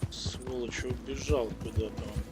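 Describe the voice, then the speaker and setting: A man's voice: mid-range voice, steady tone, moderate pace, heavy background noise. A man casually commenting on a video game playthrough with offhand, muttered remarks.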